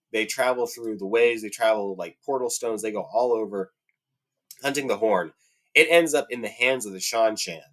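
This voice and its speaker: A man talking casually and heatedly about a fantasy series, with lots of fillers, his voice climbing when he gets indignant. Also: a bit bright. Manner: heated, rising to high-pitched indignation, many fillers. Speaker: book fan commentator. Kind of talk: casual rant about a TV adaptation.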